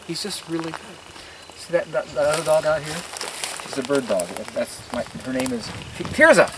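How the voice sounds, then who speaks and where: His voice fairly high, creaky, and sing-song at a moderate pace, a man gives an outdoor tour of his garden, casually telling stories in an earnest, emphatic way with asides like a preacher's. The field recording carries outdoor noise.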